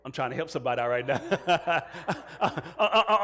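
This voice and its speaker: A man's voice: on the high side, very animated, moderate pace, few pauses, sharp tone. A male pastor preaching a sermon, asking the congregation questions and mixing in jokes. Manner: call-and-response questions to the congregation.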